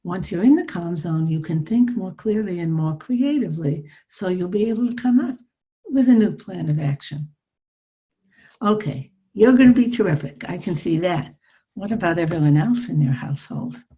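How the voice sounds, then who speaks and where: Woman, older, psychologist, soothing, coaching, video call, warm tone. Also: fairly low pitch, animated, normal speed. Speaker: psychologist teaching a class. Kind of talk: live online workshop talk.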